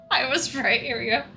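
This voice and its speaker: A woman's voice: high voice, bright, forceful tone, low-quality recording. A woman livestreamer chatting casually with her viewers in a playful, giggly way, laughing often.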